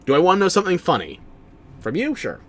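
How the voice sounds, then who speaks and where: A man's voice: sits high, huge pitch swings, fast talker, a bit bright. A man streaming a game, giving casual commentary in a wry, sarcastic way and bantering with chat.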